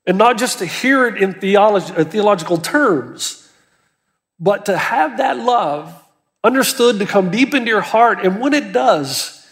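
A man's voice: high-pitched, long reverb tail. A man preaching a sermon as pastor, earnest and emphatic, with urgency that builds as he presses his points.

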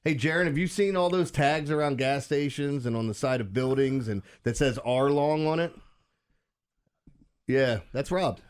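A man co-hosting a radio morning show, teasing and quick to laugh in casual banter. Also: mid-range voice, clean tone.

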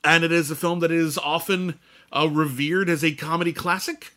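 A man co-hosting a casual film podcast as a critic, chatty and quick to laugh, with many fillers. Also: a little high, steady tone, pushed and bright. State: sore side, hurts to laugh.

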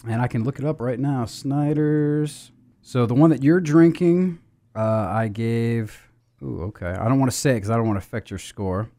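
A man hosting a beer podcast in casual chat, rambling with restarts and fillers and jumping up and down in pitch and loudness. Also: moderate pace.

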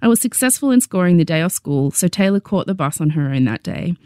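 A young adult woman with an Australian accent narrating her memoir with wry, deadpan humor. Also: on the low side, quick pace, clean tone, no room sound, studio quality.

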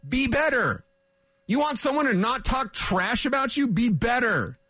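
A man's voice: very high voice, big pitch swings, measured pace, pushed and bright, no room sound. A male sports radio host delivering a fired-up, combative rant in a studio, hammering his points with repetition. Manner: emphatic, combative, repeats points for punch.

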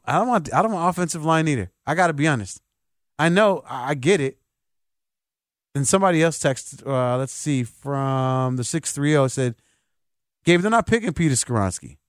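A man's voice: medium pitch, no room sound, clean studio sound. A man hosting a sports talk radio show, giving opinionated, emphatic takes on the air.

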